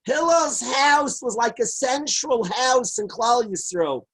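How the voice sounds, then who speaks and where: Rabbi guy giving a talmud class, reads the quotes then translates, breathy voice. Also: extremely high pitch, slow pace, low-quality recording. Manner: reads Hebrew and Aramaic lines, then translates them line by line; lively storyteller who shouts out the characters' lines. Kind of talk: animated Torah lecture storytelling.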